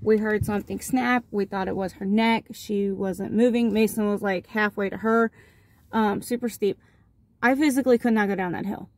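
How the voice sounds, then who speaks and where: A young mother talks from her car, recounting a family story in a loose, rambling way. She keeps circling back with fillers and restarts. Her voice sits at a middle pitch for a woman. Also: steady tone, moderate pace, a little mellow, no room sound. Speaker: vlogger and mother. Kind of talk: casual storytelling vlog.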